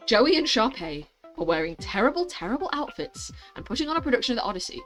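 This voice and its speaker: A young woman reading a mobile story game aloud, adding expressive, blunt commentary and swearing when annoyed. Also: on the high side, fast talker, few pauses, faint music behind. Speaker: gaming channel host.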